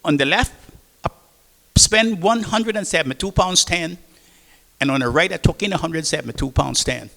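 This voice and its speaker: A shrewd old sea captain talks down to a younger man and calls him son, put on by a Caymanian man telling the tale. The voice is high and bright, and it rings in a long hall reverb. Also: normal speed, gravelly, long pauses. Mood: patronizing. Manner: patronizing, calls others son.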